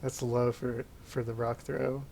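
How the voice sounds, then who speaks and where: A man with a mid-range voice runs a tabletop game. He explains rules and narrates enemy actions in a relaxed, conversational way. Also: mid-range voice, measured pace, vocal fry, slight background noise. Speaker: game master.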